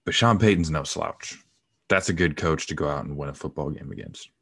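A man with a very low voice talks casually as a podcast co-host. His delivery is laid-back and conversational. The sound is dry and close to the mic. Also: brisk, creaky, a bit bright, slightly rough, no room sound. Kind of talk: casual sports podcast chat.

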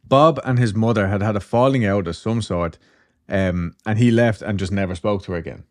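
A podcast host with a lowish, darkish voice talks fairly quickly. He tells a story in a loose, chatty manner, sprinkling in swearing and asides.

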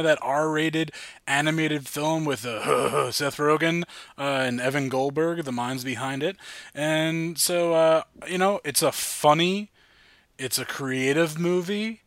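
A man's voice: a little high, measured pace, fairly bright tone, no room sound. A man hosting a casual podcast, upbeat and rambling with lots of fillers. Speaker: podcast host.

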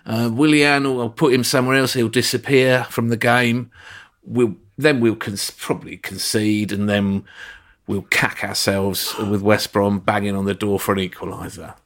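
A man voicing a football manager's gloomy inner monologue as he plots his substitutions, low and muttered. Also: level tone, moderate pace, fairly bright tone, lightly acted. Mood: muttering. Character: grumbling male football manager, scheming aloud.

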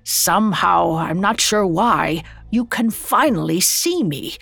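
A woman voicing the grim ghost of an old businessman, weighed down by chains, speaking slowly and gravely. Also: lowish voice, lively intonation, a bit bright, no echo, heavily acted. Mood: mournful. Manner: grim, growling, slow.

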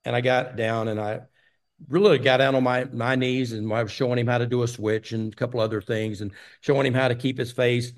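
A man's voice: mid-range voice, little pitch movement, a little fast. An older man from Texas, a guest in an interview, telling long stories with many fillers. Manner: rambling storyteller with many fillers. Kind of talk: casual storytelling interview.

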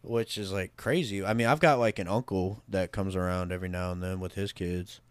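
A young man with a fairly low voice chats easily on a podcast, filling his talk with "like" and laughing along with his co-host. He is recorded close in a bedroom studio, and the sound is dry and direct. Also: brisk, clear, resonant tone, dry recording. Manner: relaxed, filler-heavy, laughs along. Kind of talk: casual podcast banter.

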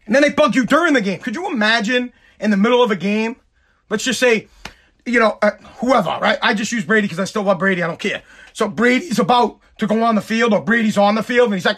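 A man hosting a podcast, ranting heatedly with lots of swearing, his voice hoarse and nearly gone. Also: sits high, fast, fairly bright tone. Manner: heated, profane, repetitive ranting. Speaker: podcast host.

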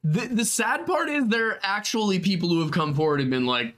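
A man co-hosting a podcast in casual chat, animated and laughing, full of "like" asides. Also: high-pitched, brisk. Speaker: podcast co-host.

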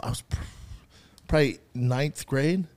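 A young man in casual podcast chat, an animated storyteller who swears freely. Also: mid-range voice, measured pace.

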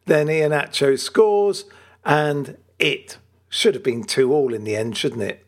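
A man with a fairly high voice co-hosting a football podcast. He chats in an easygoing way, teases his co-host, and laughs often. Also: very animated, a little slow. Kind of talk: casual chat.

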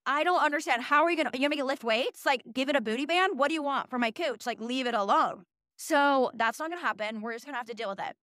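A young woman in her early twenties with a high voice recounts her week as a podcast host. She talks in an animated, profane way and often makes fun of herself. The recording is dry and close. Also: quick pace, no room sound. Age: early 20s. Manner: animated, profane, self-mocking. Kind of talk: casual storytelling monologue.

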